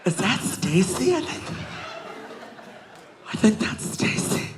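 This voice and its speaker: A man playing a loud drunk young woman at a bar, whiny and shrieking. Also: sits high, lively intonation, a little slow, a crowd in the background, pitched above the performer's own voice. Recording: live comedy club, audience noise.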